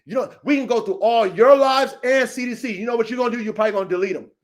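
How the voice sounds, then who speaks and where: A man's voice: very high-pitched, racing. A man hosting a dog-training show, delivering a heated, profane, repetitive rant that calls out a rival.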